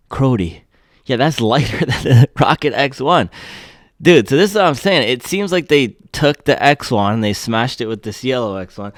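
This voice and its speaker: A man hosting a casual shoe review, talking excitedly and breaking into slangy exclamations. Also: mid-range voice, a little fast, no room sound, clean studio sound. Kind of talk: casual product review vlog.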